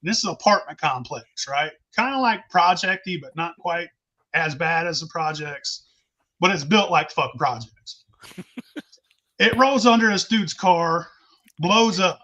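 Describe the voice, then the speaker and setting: A man's voice: on the high side, measured pace, sharp tone, dull audio. A man telling a rowdy, profane drinking story in casual chat. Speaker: show host telling a story.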